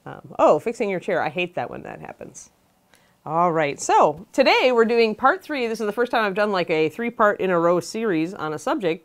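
A woman casually hosting a livestream, chatting and greeting viewers by name. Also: fairly low pitch. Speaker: host of a miniature painting livestream.

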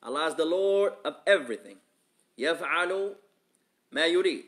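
Male Islamic teacher, fast talker, higher-pitched voice, reads Arabic and translates it, asks rhetorical questions. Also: lively intonation, a bit bright. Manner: reads Arabic quickly, explains in English more slowly. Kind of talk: religious lesson, reading Arabic then translating to English.

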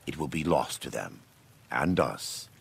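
An actor playing a stern, scripture-quoting warrior preacher in a video game, speaking slowly and solemnly with a gravelly, husky voice. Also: male voice, very deep voice, very animated, slight background noise, full character voice. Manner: slow, measured, solemn delivery.

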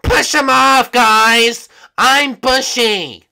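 A man putting on a squeaky, drawn-out voice of an old male friend he compares to a librarian. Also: creaky, sharp tone, full character voice. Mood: mocking.

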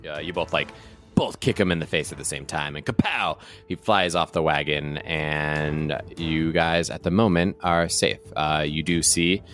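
A man's voice: rumbling low, moderate pace, a bit bright, soft background music. A man narrating as game master of a tabletop game, casual and loose with many fillers. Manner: casual, full of "like" fillers, laughs often.

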